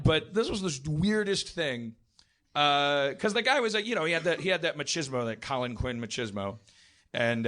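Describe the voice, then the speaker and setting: A man's voice: on the high side, sharp tone. A man hosting a live comedy podcast, telling a rambling story on stage, breaking off and restarting his sentences often. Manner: rambling, self-interrupting, lots of restarts.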